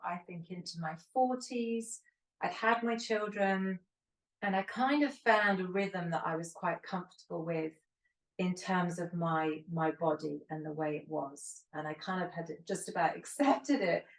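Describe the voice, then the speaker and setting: A woman's voice: lowish voice, normal speed. Candid woman co-host, roomy and distant. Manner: candid, rambling storyteller. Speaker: podcast co-host. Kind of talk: casual chat. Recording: roomy echo, distant from the mic.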